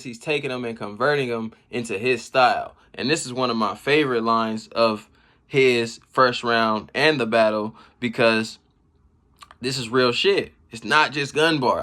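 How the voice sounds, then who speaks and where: A man giving casual, slangy commentary on rap battle bars. He reacts with laughs and shouts as he explains each line. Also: medium pitch, normal speed. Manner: slangy street talk. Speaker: battle rap breakdown host.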